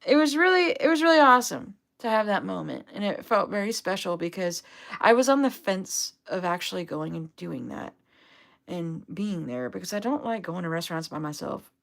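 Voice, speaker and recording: A woman's voice: mid-range voice, lively intonation, moderate pace, creaky, a bit bright. A young adult woman telling a rambling, upbeat story on a casual livestream, full of fillers. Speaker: vlogger, duck owner.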